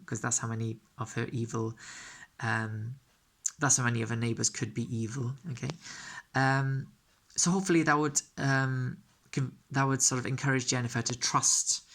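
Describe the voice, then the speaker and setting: A man's voice: mid-range voice, gravelly, fairly bright tone. A man explaining the rules of a game step by step. He often checks in with "okay?" and corrects himself as he goes. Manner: frequent fillers and self-corrections. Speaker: game tutor.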